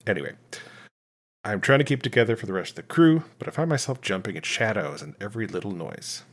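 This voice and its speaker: A man's voice: fairly low pitch, lively intonation, fast talker. A man playing a jumpy starship captain. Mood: uneasy. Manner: hushed, jumpy log entry. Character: uneasy male starship captain recording a log. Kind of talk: comedic sketch narration.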